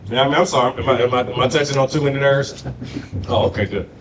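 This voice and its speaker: A man doing a live stand-up comedy set on stage. He talks crudely and loosely, full of profanity, and keeps tossing in "you know what I mean.". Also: very fast. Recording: distant mic in a noisy rumbling room.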